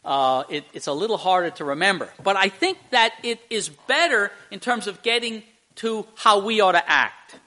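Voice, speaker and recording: A male pastor preaching a conversational sermon in church, halting with fillers and restarts and speaking directly to the children. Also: high-pitched, animated, bright, forceful tone. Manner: addresses children in the congregation directly.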